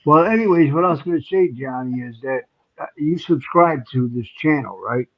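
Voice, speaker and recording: A man's voice: fairly high pitch, expressive, normal speed, dry recording. A man chatting casually on a live stream in a laid-back way. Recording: dull dry line.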